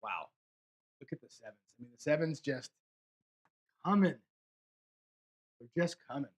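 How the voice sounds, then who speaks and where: A man's voice: fairly high pitch, lively intonation, measured pace, slight background noise. A man giving casual live commentary while rolling dice, frustrated and muttering to his viewers, swearing between rolls. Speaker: craps streamer.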